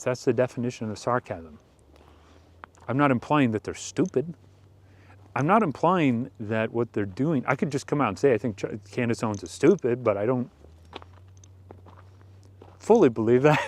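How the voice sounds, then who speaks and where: A man hosting a rambling commentary show, speaking with mocking deadpan sarcasm. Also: medium pitch. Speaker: commentary host.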